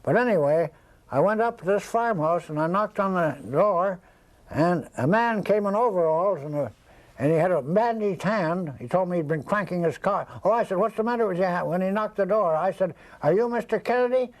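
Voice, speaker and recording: An older man with a high-pitched voice spins a long, rambling anecdote during an interview, speaking at a moderate pace with lots of animation. He acts out the voices of the people in his story, and the recording is rough.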